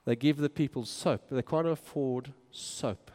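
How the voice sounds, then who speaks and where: Heard through long hall reverb, a man with a dark, medium-pitched voice speaks at a measured pace. He's a minister back from a mission trip, talking through his travel photos in an easygoing, excited way full of exclamations.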